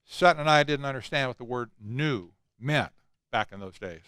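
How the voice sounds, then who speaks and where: A man's voice: mid-range voice, lively intonation, normal speed, fairly bright tone, clear, resonant tone, no echo, clean studio sound. An older man speaking at a conference, emphatic and conversational, with asides. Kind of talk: lecture talk.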